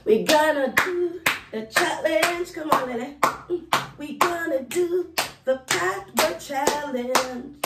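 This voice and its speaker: Woman, home vlog, laughing and coaxing, slow unhurried talk, echoey room. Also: sits high, far from the mic, over loud music. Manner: laughing, coaxing, playful teasing. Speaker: vlog host and mother. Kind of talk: casual home vlog chat.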